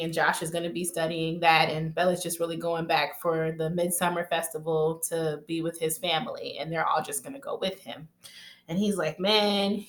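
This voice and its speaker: Woman vlogger, casual and chatty, lowish voice, in a roomy echo. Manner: chatty, animated retelling with quoted asides and laughs. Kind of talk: casual movie recap.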